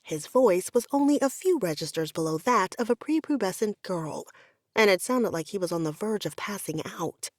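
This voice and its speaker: Expressive woman reading an audiobook. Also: mid-range voice, moderate pace, no room sound, clean studio sound. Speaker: audiobook narrator. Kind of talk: first-person romance audiobook narration.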